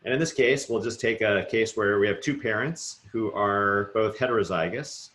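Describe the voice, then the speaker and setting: A middle-aged man giving a recorded university lecture, talking quickly and casually with lots of fillers and rhetorical "right?" checks. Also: on the low side, fairly bright tone, reverberant.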